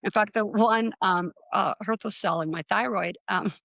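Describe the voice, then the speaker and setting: A middle-aged woman tells her story in a casual, animated way and keeps slipping into the voices of the people in it. Her pitch sits in the middle for a woman. The recording is close and dry. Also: normal speed, gravelly, no room sound. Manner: animated, acts out quoted voices with rising pitch. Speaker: guest.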